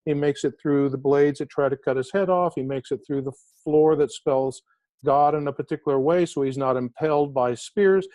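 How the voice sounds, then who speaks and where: Animated male storyteller with a mellow voice. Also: on the high side, dry recording. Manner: animated storyteller, emphatic, slows down to stress key words. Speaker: author and interview guest. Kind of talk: inspirational interview storytelling.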